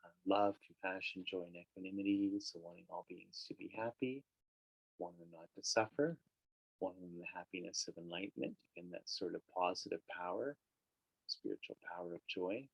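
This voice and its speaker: A man leading a guided meditation and teaching, speaking in a relaxed, conversational way with casual fillers. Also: deep voice, fairly quick, creaky, no room sound, dull audio.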